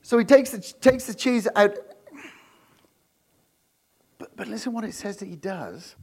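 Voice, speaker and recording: A male preacher giving an animated, jokey sermon, often laughing and checking in with the crowd with quick rhetorical questions. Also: sits high, gravelly, breathy edge. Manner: animated, asks the crowd frequent "right?" questions.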